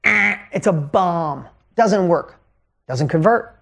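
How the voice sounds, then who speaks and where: A man in his fifties telling a business story as a motivational coach, energetic and emphatic, his pitch swinging widely to drive points home. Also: slow, gravelly.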